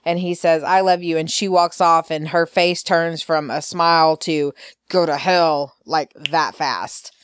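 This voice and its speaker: A woman's voice: sits low, fairly even intonation, unhurried, hardly any pauses, smooth, dry recording, clean studio sound. A woman hosting a podcast, recapping soap opera scenes in a chatty way, full of fillers and quoted lines. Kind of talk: casual recap chat.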